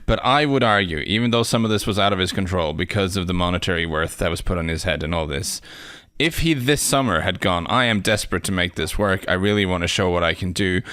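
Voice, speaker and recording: A man's voice: deep voice, fast talker, bright, forceful tone, dry recording. A man arguing football opinions on a podcast in a wry, sardonic way. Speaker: podcast pundit. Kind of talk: casual football podcast chat.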